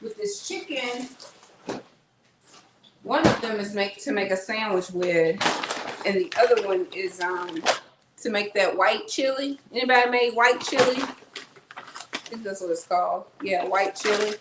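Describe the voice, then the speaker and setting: A woman's voice: medium pitch, animated, unhurried, long pauses. A woman chatting casually to her viewers while unpacking groceries at home. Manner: chatty, rambling, talks to viewers as y'all. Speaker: vlogger. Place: at home, kitchen. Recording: echoey room, faint noise.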